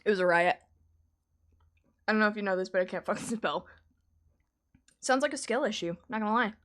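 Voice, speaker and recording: A woman artist chatting casually on a live stream while drawing, animated and laughing often. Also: mid-range voice, quick pace.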